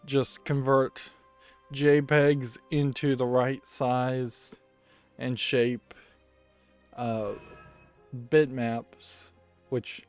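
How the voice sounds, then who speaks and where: A man's voice: medium pitch, little pitch movement, drawn-out words, long pauses, a little mellow, clear, resonant tone, soft background music. A man giving casual commentary while playing a card game, rambling and thinking aloud and often correcting himself. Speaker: let's play host.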